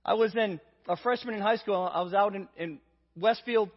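A man's voice: sits high, normal speed. A man giving a sermon, telling a funny personal story and acting out the voices in it. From Indiana, US. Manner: storytelling, acts out voices, self-deprecating humor. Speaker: preacher. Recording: dull lo-fi recording in a reverberant hall.

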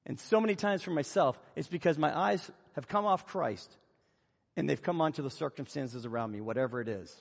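Speaking fairly quickly, a male preacher brings Bible scenes to life in an animated sermon. The husky edge of his high voice echoes with the long reverb of a large hall.

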